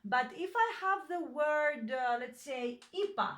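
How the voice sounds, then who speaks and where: Slow, patient woman teaching a lesson. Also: sits high, expressive, a bit bright. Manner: patient, many fillers and self-corrections. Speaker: language teacher. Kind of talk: slow, hesitant online lesson explanation.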